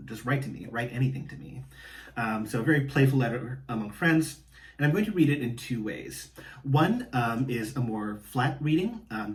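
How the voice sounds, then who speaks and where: Man lecturing from a distant mic. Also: mid-range voice. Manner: relaxed, many fillers. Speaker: Latin professor. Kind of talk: recorded class lecture.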